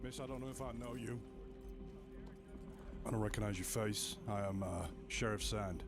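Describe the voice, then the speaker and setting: A man speaking in character as a sheriff in a western role-play, brisk and businesslike. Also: fairly low pitch, gravelly, music in the background.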